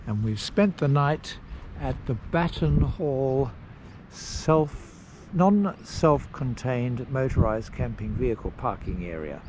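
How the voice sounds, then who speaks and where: A man casually narrating a road trip outdoors, rambling with pauses and fillers. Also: medium pitch, lively intonation. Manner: slow, rambling, pausing with fillers. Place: outdoors at campsites and parks. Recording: noisy outdoor recording.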